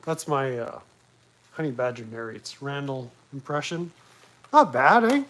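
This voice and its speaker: A man's voice: mid-range voice, sing-song, a little slow, a bit bright, poor audio. A man casually hosting a live talk stream from home, rambling and crude with self-mocking humor. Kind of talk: casual chat. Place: at home, livestreaming from a laptop.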